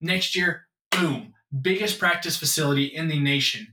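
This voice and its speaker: A man's voice: a little high, normal speed, background noise. A man co-hosting a sports podcast, emphatic and hyped, talking up his own picks. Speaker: podcast co-host. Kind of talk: casual sports chat. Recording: echoey room, mic at a distance.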